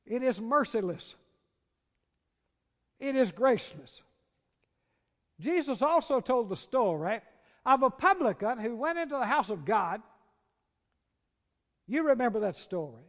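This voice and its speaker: A man with a Southern American accent preaching a sermon, dropping to hushed, drawn-out words and rising to loud, urgent cries. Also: very high-pitched, big pitch swings. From Southern United States. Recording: long reverb of a large hall.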